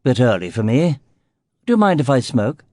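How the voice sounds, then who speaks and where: A courteous, guarded English gentleman in his sixties, as a male narrator puts him on, speaking in a clipped Home Counties accent. His manners are formal and his tone is mellow and warm. The recording is close and dry, with no room sound. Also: mid-range voice, sing-song, normal speed, no room sound, lightly acted. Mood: urbane. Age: 60s. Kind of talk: audiobook character voice.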